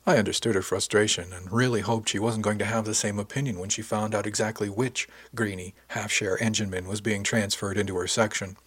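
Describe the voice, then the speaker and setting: A man giving steady first-person scripted narration of an audiobook. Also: fairly low pitch, fairly quick, few pauses, husky.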